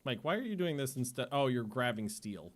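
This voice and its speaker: A man's voice: medium pitch, lively intonation, brisk. A man streaming a game, chatting casually in a rambling way, often stopping himself mid-sentence and laughing at his own stories. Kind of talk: casual gameplay livestream chat.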